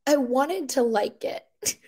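A woman chatting casually on a podcast, rambling and animated, with lots of filler words and incredulous outbursts. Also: high-pitched, measured pace, slightly rough.

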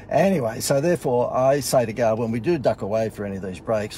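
A man's voice: medium pitch, quick pace, few pauses, mellow, a little hiss or hum. Wry Australian man telling a story. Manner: wry, sarcastic, self-mocking. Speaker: host. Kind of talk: casual storytelling.

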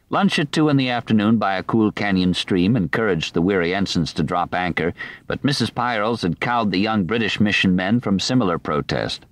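Low-voiced male audiobook narrator, dry. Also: no room sound. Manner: measured, even reading.

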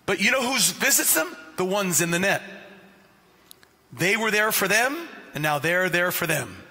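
A man's voice: sits high, a little slow, breathy edge, faint music behind. A male pastor preaching a sermon in a church, telling stories with jokes and calling out listeners by name. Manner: animated, joking storyteller who addresses listeners by name. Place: church sanctuary. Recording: long reverb of a church sanctuary.

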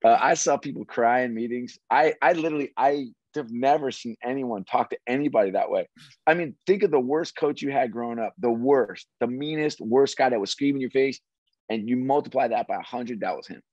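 A middle-aged man, a former sports executive, telling stories as an interview guest in an animated, restarting way. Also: medium pitch, a little fast, dry recording. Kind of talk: casual interview storytelling. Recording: dry, slightly dull audio.

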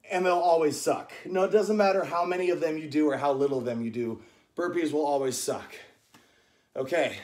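At home indoors, a man leads a live-streamed workout, chatting and counting reps aloud like a coach. His voice is fairly high with a darkish tone, and the room sounds echoey.

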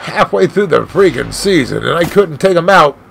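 A man giving live play-by-play of his own video game as a channel host, swinging between shouts and dejected muttering. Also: fairly high pitch, expressive, normal speed, creaky, slight background noise. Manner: mild swearing, "freaking" and "dang it" catchphrases.

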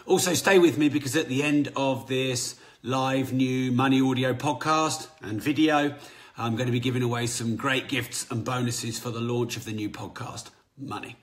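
A man's voice: mid-range voice, moderate pace. A man hosting a motivational business podcast, talking energetically and casually correcting himself. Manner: energetic, conversational, self-correcting. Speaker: podcast host.

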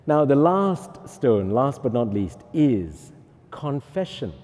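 Joking priest with a mellow voice. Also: male voice, mid-range voice, takes it slowly, long reverb tail. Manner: joking, lively, teasing. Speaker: Catholic priest, pilgrim chaplain. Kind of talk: humorous talk to pilgrims.

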